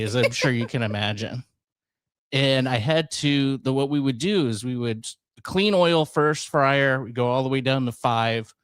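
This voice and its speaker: A man, chatting casually as co-host of a talk show. He tells stories in an easy, animated way and laughs often. His voice sits at a middle pitch, and the sound is dry and close. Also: dry recording. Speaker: podcast co-host. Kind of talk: casual chat.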